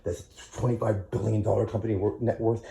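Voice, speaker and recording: Gravelly, agitated man ranting. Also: fairly low pitch, little pitch movement, fast, warm tone, slight background noise. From United States. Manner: agitated, stammering restarts, profane. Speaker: tenant filming a complaint video. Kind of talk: angry personal vlog rant. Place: small apartment bedroom, indoors.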